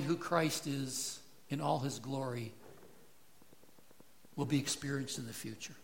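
A man's voice: mid-range voice, a little slow, creaky, long pauses. A man preaching an expository sermon, earnest and building in intensity as he explains scripture. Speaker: pastor.

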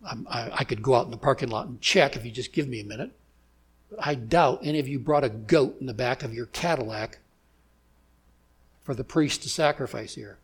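A man preaching a sermon to a church gathering, measured and emphatic, with deliberate pauses, ending in prayer. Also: mid-range voice, slightly rough. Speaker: pastor.

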